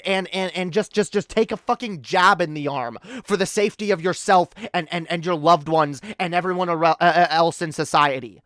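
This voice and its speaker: A Canadian woman with a lowish, fairly bright voice delivers an angry, profane rant on a live stream, talking at normal speed with hardly any pauses. She often stumbles, restarting and repeating words. The recording is dry, with clean studio sound.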